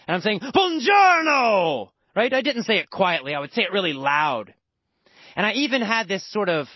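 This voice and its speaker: A man's voice: high-pitched, no echo. An American man teaching a language lesson through a personal story, emphatic and repeating words for stress. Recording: dull lo-fi dry recording.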